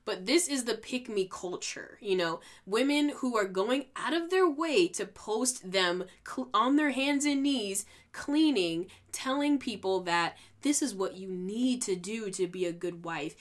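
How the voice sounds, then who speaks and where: A young woman hosts a casual podcast and rants with heat and sarcasm. She swears freely and now and then mocks others in a high, put-on voice. Her voice sits in a middle pitch. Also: animated, a little slow, hardly any pauses. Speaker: podcast host. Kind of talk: casual ranting podcast monologue.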